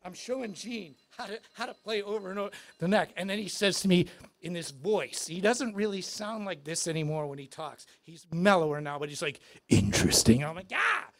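A man giving a live guitar clinic in a music store, telling stories in an animated, excitable way. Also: high-pitched, a little fast.

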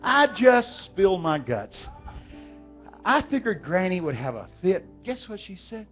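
A man's voice: high-pitched, very animated, measured pace. A man from Texas with a Texan accent, preaching through folksy stories and asking the crowd questions. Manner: folksy, talks directly to the audience. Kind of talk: storytelling sermon. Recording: dull lo-fi with faint music.

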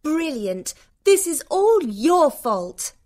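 A man's voice: sits high, lively intonation, slow, pitched above the performer's own voice. A man putting on a sarcastic young woman. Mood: annoyed. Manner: sarcastic, cutting. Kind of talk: audiobook storytelling.

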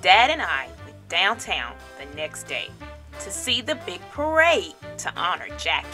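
A woman reading a children's picture book aloud in an expressive storytelling style, raising her voice for the crowd's chants. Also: lowish voice, unhurried, soft background music. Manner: dramatic, shouts crowd chants.

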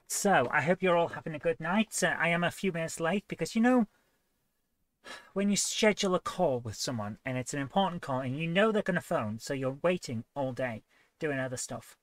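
A woman's voice: low-pitched, animated, moderate pace, no room sound. A woman hosting a live game coding stream, chatty and playful, often joking at her own expense. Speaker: host.

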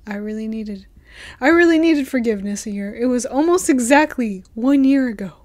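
A woman hosting her own reaction video, chatting casually and playfully with viewers and sometimes dropping into a soft whisper. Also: on the high side, animated, normal speed. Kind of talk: casual reaction vlog chat.

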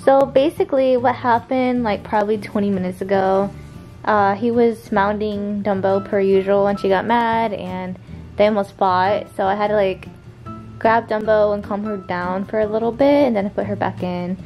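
A woman's voice: medium pitch, fairly even intonation, normal speed, muffled recording, soft background music. A tired young woman, chatting through casual vlog updates about her pets and stretching her fillers. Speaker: vlogger.

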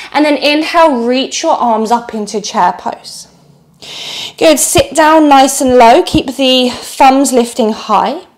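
A woman leading a yoga flow class, giving calm, encouraging cues timed to the breath and a little out of breath. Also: high-pitched. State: slightly out of breath. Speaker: yoga instructor.

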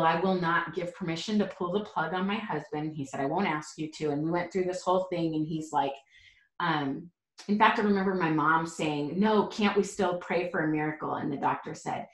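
A woman in her forties, a podcast guest, tells an emotional personal story in an earnest, halting way with many fillers. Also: on the low side. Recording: roomy echo.

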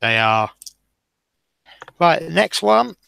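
A man's voice: on the high side, sing-song, slow pace, vocal fry, fairly bright tone, a little hiss or hum. A man hosting a live model-building stream, chatting casually and self-deprecatingly as he talks through each step, sounding tired.

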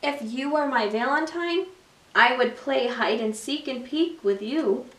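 A woman reading picture books aloud to children at library story time in an expressive, sing-song way. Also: high-pitched, unhurried. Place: public library. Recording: echoey room, mic far off.

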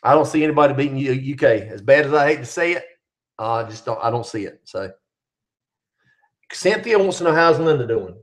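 A man's voice: medium pitch, lively intonation, a little fast. A middle-aged man hosting a casual live chat, reading out viewer questions and answering them. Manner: reads viewer questions aloud, chatty.

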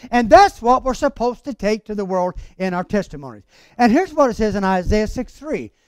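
A male pastor delivers a fervent church sermon, urging his congregation to answer him. His voice sits high and moves animatedly up and down. The sound is close and dry, with no room echo. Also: very animated, moderate pace, clean tone. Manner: fervent, calls out to the congregation for amens. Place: church service.

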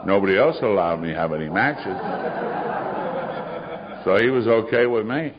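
Very deep-voiced older man, wry storyteller. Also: animated, moderate pace, a crowd in the background, noisy background. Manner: wry, sardonic storytelling with dry humor. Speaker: AA speaker. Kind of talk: recovery story talk. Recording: muffled recording of a live talk.

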